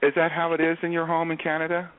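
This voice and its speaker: A man's voice: a little high, completely flat delivery, fast talker, smooth, dry recording. A man hosting a radio interview show, playful and teasing, with jokes and games, heard over a tinny phone-like line.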